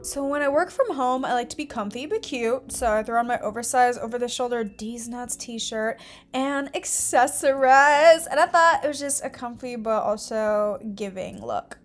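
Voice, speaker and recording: A woman's voice: on the high side, moderate pace. A young woman narrating a day-in-my-life vlog, bubbly and chatty with trendy slang and frequent laughs. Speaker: vlogger. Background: music.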